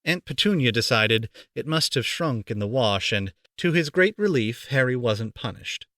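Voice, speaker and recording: A man reading a storybook aloud for children, playful and animated, on a close home mic. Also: medium pitch, normal speed, no room sound. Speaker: amateur voice actor reading aloud.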